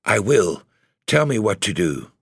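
A man's voice: fairly low pitch, big pitch swings, unhurried, gravelly, husky, no room sound, studio quality, voice pushed up, heavily acted. A man voicing a frightened, spellbound male rector, with strained and pleading speech. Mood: shaken.

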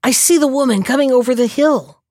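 A woman's voice: sits high, fairly quick, mellow, no room sound, clean studio sound, voice pushed up. A woman voicing a sly, cunning male jackal in a storybook reading, talking politely while he schemes. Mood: urgent.

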